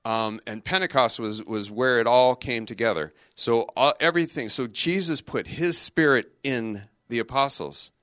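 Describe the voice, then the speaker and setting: A middle-aged man, a religious brother, giving a lively youth talk in a conversational, joking way full of rhetorical questions. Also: medium pitch, moderate pace, few pauses, no room sound, clean studio sound.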